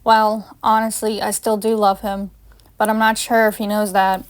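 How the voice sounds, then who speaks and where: A woman's voice: mid-range voice, level tone, normal speed. A woman reading her own first-person fan story aloud, with small slips and restarts. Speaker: fanfiction reader.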